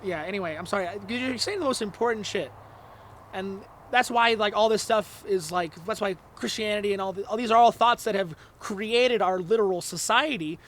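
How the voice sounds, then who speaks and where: A man, a stand-up comedian guest, talking in a halting, deadpan, sarcastic way in casual chat. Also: high-pitched, slight background noise.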